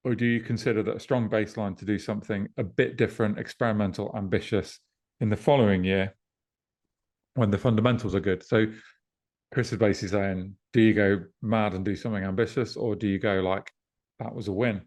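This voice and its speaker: A man co-hosting a podcast over a video call, talking in a relaxed, reflective way and reading out listener questions. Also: fairly low pitch, brisk. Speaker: podcast co-host and festival promoter.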